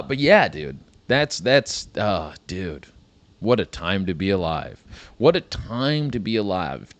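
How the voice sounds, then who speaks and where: A man's voice: fairly low pitch, no echo. A man hosting a comedy podcast, riffing in a rambling, profane monologue and saying "dude" a lot.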